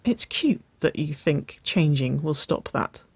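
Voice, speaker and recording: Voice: mid-range voice, expressive, slow pace, creaky, breathy edge, no echo, heavily acted. A reader voicing an adoring young woman in a romance story, groaning and pleading. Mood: lovestruck.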